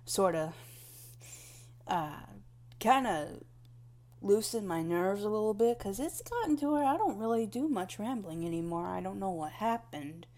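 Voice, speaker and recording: A woman's voice: on the low side, a little mellow. A young woman rambling casually through a questionnaire, meandering and self-deprecating, often restarting her sentences.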